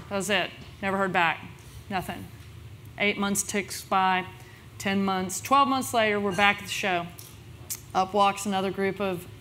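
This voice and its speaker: A woman speaking on a conference panel about her business, telling the story in a lively, chatty way. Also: slight background noise. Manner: lively storyteller, quotes others with big pitch jumps.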